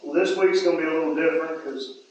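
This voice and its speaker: A man's voice: on the high side, quick pace, darkish tone. A man co-hosting a casual chat about a small garage channel, easygoing and chatty. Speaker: channel co-host. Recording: very echoey room.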